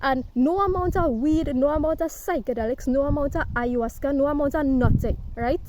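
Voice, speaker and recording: A woman giving a forceful, preachy monologue to camera, swearing and ending nearly every sentence with a questioning "right?". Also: sits high, brisk, a little hiss or hum. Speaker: spiritual self-help speaker.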